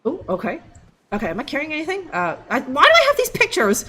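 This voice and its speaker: A woman's voice: high voice, huge pitch swings, fast, sharp tone. A young woman streaming a game live, joking and rambling with lots of fillers. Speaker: livestream gamer. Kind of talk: casual live gameplay commentary.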